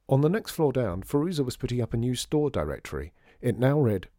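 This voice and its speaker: Expressive male storyteller, mellow voice. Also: medium pitch, a little fast, few pauses, no echo, clean studio sound. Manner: expressive reading. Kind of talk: scripted story narration.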